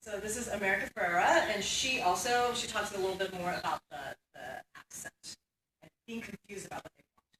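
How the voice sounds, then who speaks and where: A woman's voice: medium pitch, brisk, a bit bright. A woman academic giving a conference keynote in a conversational way, often checking in with "right?". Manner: conversational, tags points with "right?". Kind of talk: conference lecture. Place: lecture hall. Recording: echoey hall, distant mic, faint hiss.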